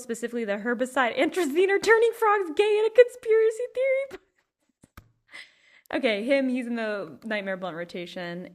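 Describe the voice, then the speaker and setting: A woman hosting a podcast alone at home, chatting casually in a rambling, playful way. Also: medium pitch. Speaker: podcast host. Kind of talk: casual solo chat.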